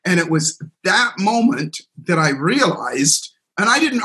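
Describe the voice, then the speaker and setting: A middle-aged man with a fairly high voice, a guest on a podcast, telling a story about his work. He acts out the voices of the people he quotes. He speaks in a lively, animated way. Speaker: guest, seminar speaker and coach.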